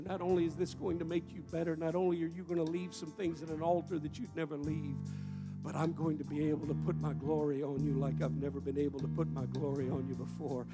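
A man pastor preaching a sermon to his congregation in a church, his delivery swelling loud and falling to near whispers. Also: high-pitched. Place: church sanctuary. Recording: roomy hall with long reverb.

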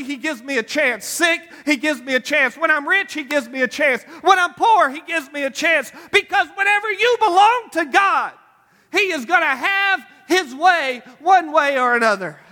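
A man preaching a sermon in a church, building from quiet reflection to shouted, pleading prayer. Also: very high voice, lively intonation, normal speed, long reverb tail. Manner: impassioned, rising to shouted pleading.

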